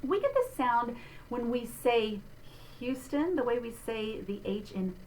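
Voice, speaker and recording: A middle-aged woman, a vocal instructor giving a clear, patient pronunciation lesson with spoken demonstrations. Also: a little high, big pitch swings, a little slow, darkish tone, slight background noise, low-quality recording. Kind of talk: diction lesson.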